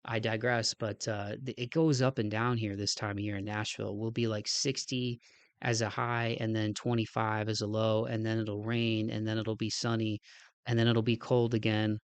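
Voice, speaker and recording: A podcast host signs off casually, his voice on the low side and flat in delivery, at normal speed with no room sound. Stuffed-up and nasal, a little out of breath, he rambles sincerely and keeps adding "man."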